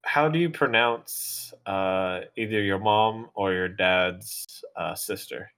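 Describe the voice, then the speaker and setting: A man with a Southern US drawl in casual podcast chat, relaxed and playful, asking the group questions. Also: on the low side, slow. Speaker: podcast co-host.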